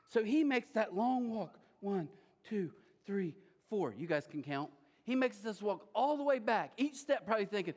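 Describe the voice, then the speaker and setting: A male pastor preaching a sermon in an animated, joking way, acting scenes out with a volunteer in a church auditorium. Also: high voice, normal speed. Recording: long reverb of a large church hall.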